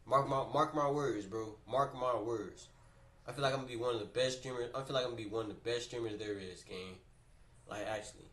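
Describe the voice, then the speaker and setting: Here a streamer narrates a story with slangy, excited energy, often saying things twice. The medium-pitched voice comes through a mic placed well away from him in a spacious room.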